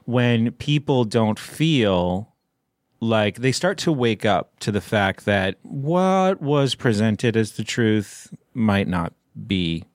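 A man's voice: on the low side, big pitch swings, dry recording. Chatty rambling man, dry close mic. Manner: rambling, playful, drawn-out musings. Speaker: podcast host. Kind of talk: casual chat.

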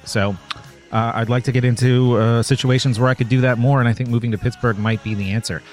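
A man's voice: medium pitch, steady tone, fast talker, darkish tone, faint music behind. A man hosting a podcast and chatting in a casual, playful way. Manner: playful, breaks into mock regional voices. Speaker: podcast host.

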